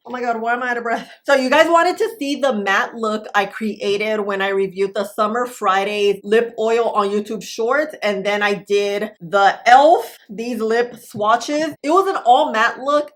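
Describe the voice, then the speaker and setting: A woman's voice: on the high side, a bit bright. A young woman chatting through a makeup tutorial, bubbly and talking to her viewers like family. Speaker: beauty vlogger. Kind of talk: casual makeup tutorial chat.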